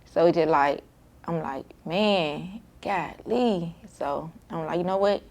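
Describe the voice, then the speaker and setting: Speaking slowly in a lowish, gravelly, slightly mellow voice, a mother opens up emotionally about looking after her son with sickle cell. She tells it informally, often saying "like" and quoting what she told herself.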